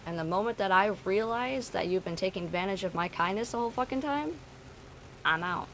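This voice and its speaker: A woman's voice: mid-range voice, animated, brisk, a bit bright, a little hiss or hum, poor audio. A woman streamer talking to her chat, venting bluntly and swearing freely. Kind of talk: casual talk to stream chat.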